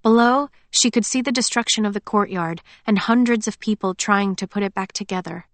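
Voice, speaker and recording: Calm woman audiobook narrator. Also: mid-range voice, a little fast, no room sound. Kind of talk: scripted narration.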